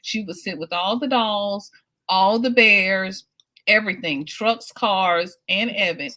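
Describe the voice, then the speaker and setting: Bright-voiced chatty woman host. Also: medium pitch, takes it slowly. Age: middle-aged. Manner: chatty, rambling anecdotes with fillers. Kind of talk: casual interview.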